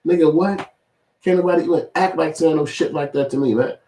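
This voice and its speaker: A man in his forties giving casual, profane commentary, animated and switching into high mimicking voices. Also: brisk, echoey room, slight background noise. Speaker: video commentator.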